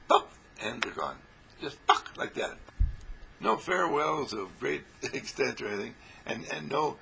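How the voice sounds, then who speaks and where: A man giving a rambling spiritual talk to a small group, animated and often laughing as he acts out little scenes. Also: lowish voice, normal speed, creaky, a little hiss or hum, rough recording. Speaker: spiritual teacher.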